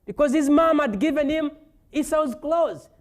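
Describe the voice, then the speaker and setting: A man's voice: very high-pitched, moderate pace. A man preaching a sermon as pastor, retelling a scripture story with playful asides.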